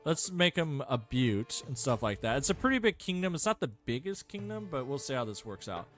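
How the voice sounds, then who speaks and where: A man's voice: mid-range voice, very animated, fairly quick, faint music behind. Rambling man narrating his gameplay. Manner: rambling, self-mocking, thinks aloud with many fillers. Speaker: gameplay streamer. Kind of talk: casual gameplay commentary.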